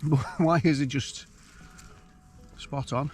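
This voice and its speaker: A man's voice: fairly high pitch, fairly even intonation, slow, darkish tone, faint music behind. A man chatting and musing aloud while he cooks and camps alone on a hilltop. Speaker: outdoor vlogger. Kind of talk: casual solo camping vlog. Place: hilltop wild camp outdoors.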